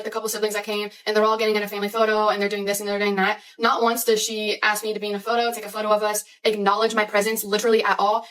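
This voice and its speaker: A young woman in her twenties telling a personal story in a rapid, anxious style, full of "like"s. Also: medium pitch, a bit bright, far from the mic, poor audio. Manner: fast, anxious retelling with many "like"s.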